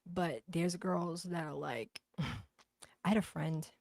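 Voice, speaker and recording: Brash Boston woman streamer, deep voice with fry, cursing casual talk. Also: slow pace, darkish tone, no room sound. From Boston, USA. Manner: blunt, profane, chatty. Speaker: livestream host. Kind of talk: casual livestream chat, reading comments.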